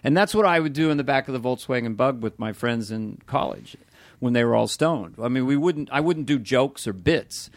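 A middle-aged man, a comedian chatting casually on a podcast, animated and often slipping into voices and laughing. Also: medium pitch, moderate pace, no echo. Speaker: comedian guest.

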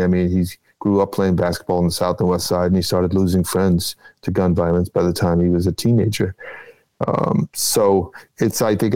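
A man, a guest political strategist, talking in a measured, explanatory way with many ums and uhs. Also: low-pitched, gravelly, a little mellow, no room sound, rough recording. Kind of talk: casual political chat.

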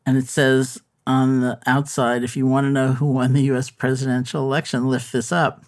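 A man who teaches meditation and wrote a book, answering interview questions in a thoughtful, unhurried way with frequent fillers and restarts. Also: mid-range voice, flat delivery.

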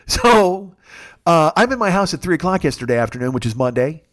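A man hosting a podcast, telling profane, excitable comic stories in a sports rant. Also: a little high, brisk. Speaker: podcast host.

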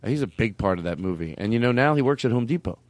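A man's voice: mid-range voice, expressive, quick pace, very noisy. A man hosting a comedy podcast in loose, riffing chat, laughing often and trailing off mid-thought. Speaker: podcast host.

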